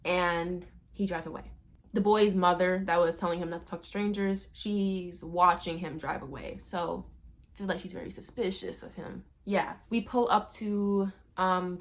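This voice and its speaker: A woman recapping a movie in a casual, playful and slangy way, chatting to her viewers. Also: fairly low pitch.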